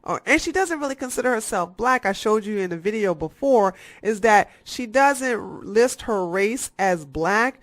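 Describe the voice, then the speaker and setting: A YouTube commentator giving satirical, ranting commentary, profane and sarcastic, firing off fast bursts of talk. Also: mid-range voice, dry recording.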